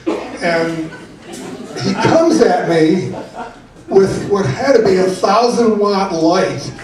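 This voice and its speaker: Slow older man telling jokes. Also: high voice, lively intonation, crowd noise. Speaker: stand-up comedy student. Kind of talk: stand-up routine. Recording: echoey room from a distance, audience.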